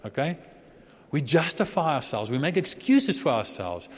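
A man's voice: a little high, sing-song, moderate pace. Guy preaching, casual chatty sermon, lots of restarts, big echoey hall. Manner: chatty, many restarts, chuckles. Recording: long hall reverb.

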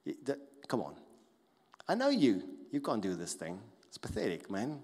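A mocking inner voice of discouragement, male, muttering low and scornful, put on by a preacher. It sounds quieter than speech, as if whispered at the back of the mind. A long hall reverb hangs behind it. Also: wildly swooping pitch, moderate pace, husky, exaggerated voice. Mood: sneering.

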